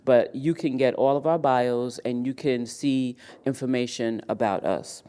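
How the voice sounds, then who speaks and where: Man, event moderator, mid-pitched voice, emphatic, restarts and repeats himself. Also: measured pace, mellow, smooth. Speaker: panel moderator and emcee. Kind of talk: live event speech. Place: event hall.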